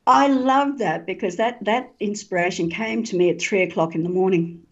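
Breathy woman author, lo-fi sound. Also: medium pitch, normal speed. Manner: animated storyteller, laughs often, frequent ums. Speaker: author and guest. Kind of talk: interview talk. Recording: dull lo-fi sound.

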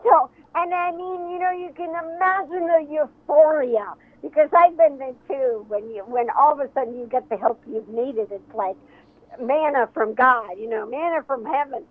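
A woman author being interviewed on radio, telling a story in an animated way over the phone. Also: high-pitched, moderate pace. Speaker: author and guest. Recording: tinny phone line.

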